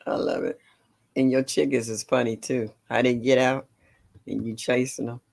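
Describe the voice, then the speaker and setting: An older woman hosting a casual gardening livestream, greeting viewers by name and chatting warmly. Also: very deep voice, huge pitch swings, moderate pace, vocal fry, breathy edge. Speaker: livestream host.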